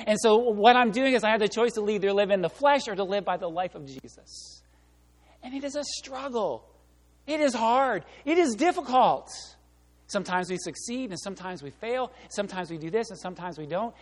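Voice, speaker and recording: A male pastor delivering a sermon, animated and conversational, acting out quotes and voices as he goes. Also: sits high, fairly quick. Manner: animated, acts out voices and quotes, laughs along. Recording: long reverb of a large hall.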